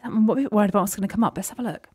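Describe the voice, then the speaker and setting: A woman's voice: medium pitch, rapid-fire, a little mellow, husky, dry recording, studio quality. Chatty woman podcast co-host. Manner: chatty, laughing, reading emails aloud. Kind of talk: casual chat.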